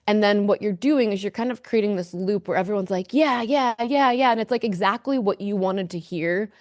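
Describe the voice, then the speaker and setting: A woman's voice: mid-range voice, brisk, darkish tone, no echo. A woman as a podcast guest, speaking candidly and emphatically, with a lot of fillers. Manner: earnest, emphatic storyteller, many fillers.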